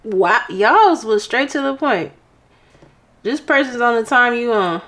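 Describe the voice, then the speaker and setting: A young woman giving a casual tarot reading to her viewers, expressive and excitable, talking through tears at times. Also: a little high, measured pace. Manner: expressive, excitable, exclaims often. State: emotional, near tears. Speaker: tarot reader.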